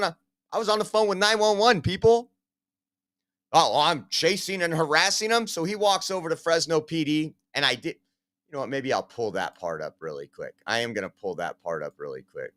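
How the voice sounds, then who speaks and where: A man's voice: mid-range voice, a bit bright. A man hosting a podcast, giving emphatic, sarcastic, rambling commentary. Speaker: podcast host. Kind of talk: opinionated commentary.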